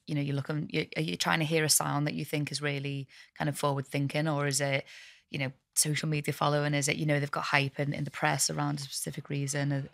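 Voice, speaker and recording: A woman's voice: deep voice, little pitch movement, quick pace, gravelly, a bit bright, dry recording. A woman hosting an interview, asking long, looping questions with fillers. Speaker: podcast host.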